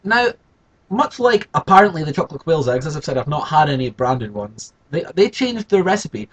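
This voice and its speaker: A man's voice: big pitch swings, moderate pace, slightly rough, rough recording. A man hosting a comedic solo vlog, rambling theatrically and often interrupting himself. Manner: rambling, theatrical, with self-interruptions and big pitch swings. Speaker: vlogger host.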